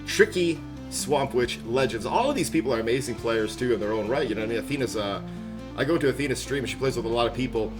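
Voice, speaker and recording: Upbeat rambling streamer guy, lively pitch. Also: fast. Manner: rambling, upbeat, laughs often. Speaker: game streamer. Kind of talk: casual live-stream chat. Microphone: headset. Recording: background music playing loudly. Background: music.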